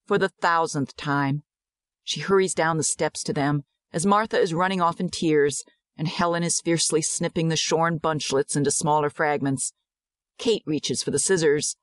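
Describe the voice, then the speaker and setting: A woman narrating a dramatized audiobook in a measured, descriptive way. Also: deep voice, fairly even intonation, dry recording, studio quality.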